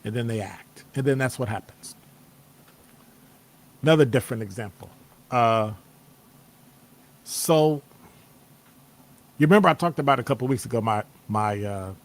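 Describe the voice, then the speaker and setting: Midwestern man, casual motivational talk, animated and playful, acts out reactions. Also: mid-range voice, measured pace, long pauses. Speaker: host. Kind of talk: casual motivational talk to a live-stream audience. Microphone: streaming setup microphone.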